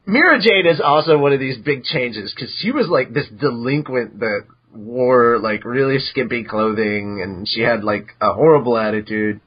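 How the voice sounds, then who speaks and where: A man hosting a podcast, casually recapping episodes in an animated way, now and then jumping into high squeaky voices for characters. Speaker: podcast host. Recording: dull lo-fi podcast audio.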